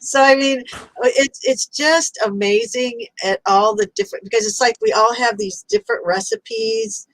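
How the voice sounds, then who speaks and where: A woman's voice: on the high side, animated, moderate pace, gravelly, poor audio. A woman hosting a chat over a video call, speaking in an effusive, enthusiastic way. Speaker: host. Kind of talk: casual chat.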